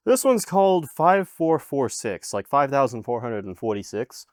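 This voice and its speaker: Exasperated man ranting, lively pitch swings. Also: normal speed, hardly any pauses, dry recording, clean studio sound. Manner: exasperated, sarcastic ranting with frequent swearing. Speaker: music reaction host. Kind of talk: casual album reaction commentary.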